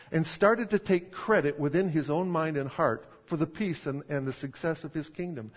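Preacher guy chatting through a sermon, slightly high voice, long hall echo. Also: breathy edge. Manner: conversational, emphatic, rhetorical questions. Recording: dull sound in a reverberant hall.

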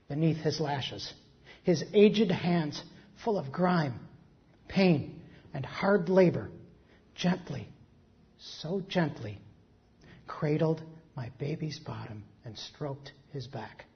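A pastor preaching, reading a story slowly and then breaking into quick, joking asides. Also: mid-range voice. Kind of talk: sermon with a story read aloud. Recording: dull lo-fi recording.

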